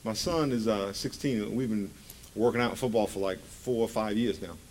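A man's voice: lowish voice, moderate pace, darkish tone, a little hiss or hum. A man in his forties preaching a conversational sermon in a church, joking and firing rhetorical questions at the congregation.

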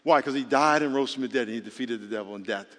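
Speaking fast at a medium pitch, a man delivers a sermon as pastor while a long reverb tail hangs in the room. His manner is lively and joking, and he keeps calling on the congregation with questions.

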